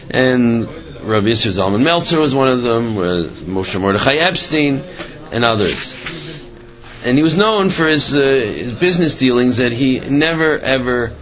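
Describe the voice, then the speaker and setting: A man telling stories in a Torah lecture, in a conversational, halting way with many fillers, in a slightly muffled recording. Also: mid-range voice, a bit bright. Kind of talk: storytelling lecture.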